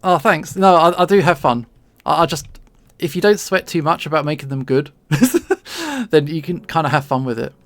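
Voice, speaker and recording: A man's voice: on the high side, expressive, normal speed, no echo. A man streaming casual chat to his viewers while he draws, friendly and rambling, often repeating words as he starts a sentence. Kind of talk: casual chat to a livestream audience while drawing.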